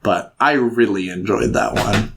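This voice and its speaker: A man co-hosting a podcast in casual chat, animated and jokey, sometimes slipping into silly voices. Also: lowish voice, unhurried, gravelly, noisy background. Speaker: podcast co-host.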